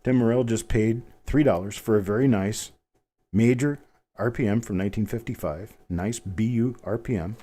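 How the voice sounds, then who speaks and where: Midwest guy in his 50s, lowish mellow voice, chatty rambly live stream host. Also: moderate pace. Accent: general Midwestern American. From American Midwest. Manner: chatty, rambling asides, folksy. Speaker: coin hobby livestream host. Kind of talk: live unboxing commentary.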